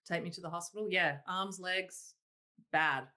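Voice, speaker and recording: A woman, a singer-songwriter guest telling her stories in a casual interview, animated and laughing, quoting herself in exclaimed asides. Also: lowish voice, measured pace. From Australia.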